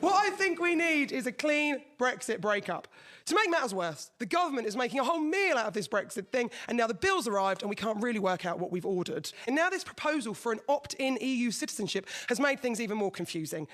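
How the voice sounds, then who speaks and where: A woman's voice: on the high side, sing-song, fast, a bit bright. A woman in her thirties from England doing a chatty, self-deprecating stand-up routine on radio. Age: 30s. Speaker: stand-up comedian.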